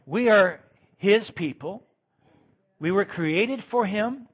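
A man preaching a sermon as pastor, swinging between loud emphatic lines and quiet ones. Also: high voice, animated, slow pace, slightly rough, phone-quality sound.

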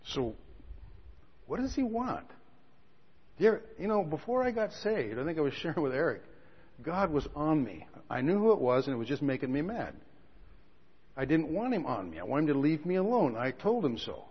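A man preaching a sermon, telling stories with quiet asides that build to loud outbursts. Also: on the high side, sing-song, moderate pace, pauses often, breathy edge. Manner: storytelling, swings from quiet asides to shouting. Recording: dull lo-fi recording with a long hall reverb.

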